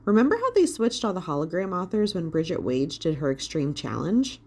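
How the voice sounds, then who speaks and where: A woman's voice: on the low side, sing-song, a little fast, a little mellow. A woman voicing an eager, bookish girl who talks enthusiastically for an audiobook.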